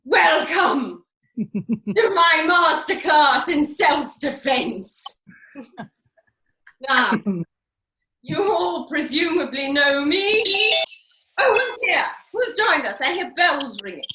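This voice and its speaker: Casting: woman doing a high, bright-voiced, pompous grande dame, swooping and theatrical, echoey video call. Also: sing-song, slow pace, pauses often, heavily acted. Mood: grand. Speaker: host of a live online master class. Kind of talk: comic character performance.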